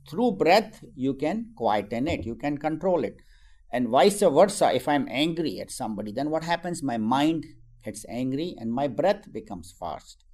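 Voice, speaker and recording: A man's voice: mid-range voice, darkish tone. A man teaching about the mind and meditation in a conversational way, often adding "you know" and acting out everyday remarks. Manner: conversational, frequent "you know" asides, acts out everyday quotes. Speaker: spiritual teacher.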